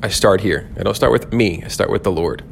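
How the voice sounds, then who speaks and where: A man with a fairly low voice teaches scripture on a podcast in an earnest, reflective way. He often stops partway through a sentence and starts it again. A faint low rumble sits under the recording. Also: a little fast, gravelly. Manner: earnest, thoughtful, with frequent restarts and fillers. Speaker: podcast host, pastor.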